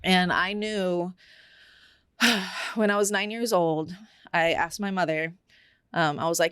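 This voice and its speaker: A woman's voice: fairly low pitch, fairly even intonation, normal speed, pauses often, fairly bright tone, clear, resonant tone, no echo, studio quality. A young adult woman telling a personal story, candid and reflective, with many fillers.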